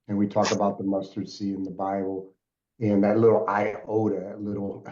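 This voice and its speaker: A man's voice: on the low side, warm tone. A man, a guest speaker, telling his personal testimony in an earnest, emotional way, repeating phrases for weight. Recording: echoey, dull lo-fi sound.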